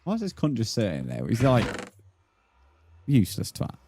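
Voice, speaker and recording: A man's voice: medium pitch, wildly swooping pitch, normal speed, gravelly, noisy background. A young British man live-streaming a game, chatting to viewers with blunt, sweary, mock-outraged banter. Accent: British English. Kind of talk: live-stream gameplay chat.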